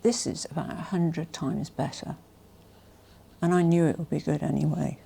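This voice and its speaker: A woman vlogger presenting a haul in a casual, gushing and emotional way, often dropping to soft whispers. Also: deep voice, fairly even intonation, moderate pace, vocal fry, slight background noise. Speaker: fashion vlogger.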